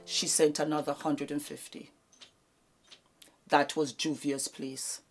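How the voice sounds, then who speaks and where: A woman's voice: low voice, flat delivery, slow pace, pauses often, slightly rough, faint music behind. A woman in her fifties giving an emotional speech, effusive and repeating her thanks over and over. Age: 50s. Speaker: beauty vlogger giving a thank-you speech.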